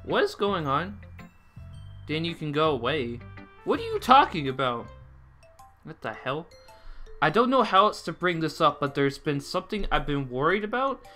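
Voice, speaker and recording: A man's voice: on the high side, very animated, normal speed, long pauses, bright, forceful tone, soft background music. A young man doing let's play commentary and reading game dialogue aloud, jumpy and dramatic, swearing and breaking into sudden outbursts. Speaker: gameplay commentator.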